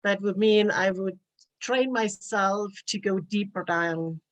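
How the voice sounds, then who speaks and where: Slow, hesitant woman with a voice. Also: medium pitch. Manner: hesitant, searching for words. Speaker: student. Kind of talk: asking a question in class. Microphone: video call.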